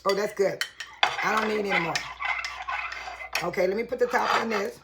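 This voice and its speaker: A woman's voice: mid-range voice, normal speed, very noisy. Chatty woman talking in her kitchen. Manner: chatty, laughs a lot, addresses viewers as y'all. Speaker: vlogger. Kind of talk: casual kitchen vlog talk. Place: home kitchen.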